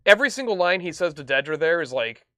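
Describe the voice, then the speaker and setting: Bright-voiced man chatting on a podcast. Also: fairly high pitch, sing-song, fast talker, no room sound, clean studio sound. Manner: rambling, retells scenes with quoted lines. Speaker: podcast co-host. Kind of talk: casual chat.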